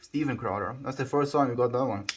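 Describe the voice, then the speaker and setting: A young man from South Africa with a South African accent, chatting casually on a live stream as he answers viewer comments in a rambling, relaxed way. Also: mid-range voice, fast talker, slight background noise. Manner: laid-back, rambling, frequent likes and restarts.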